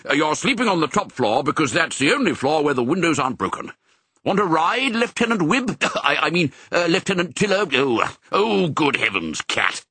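A man's voice: high-pitched, sing-song, pushed and bright, slightly rough, no echo, pitched above the performer's own voice, full character voice. A man doing a bluff old sheepdog colonel. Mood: brisk. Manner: brisk, bluff, fatherly. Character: hearty elderly male sheepdog colonel. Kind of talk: audiobook character voice.

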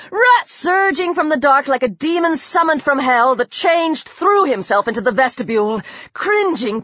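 A woman's voice: high-pitched, a bit bright, no echo, lo-fi sound. A woman reading a dramatic horror novel aloud as audiobook narrator.

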